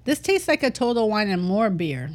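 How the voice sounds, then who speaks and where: A woman's voice: mid-range voice, sing-song, normal speed. An older woman co-hosting a casual drinking chat, joking and teasing playfully. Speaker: co-host.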